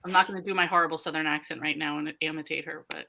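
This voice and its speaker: A woman from the American South hosts a casual live reading stream over a home mic. Her voice is bright and forward, sitting a little low for a woman, and she greets viewers and reads their comments in an animated way. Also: rapid-fire, vocal fry. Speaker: host of a live reading sprint. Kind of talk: casual livestream chat.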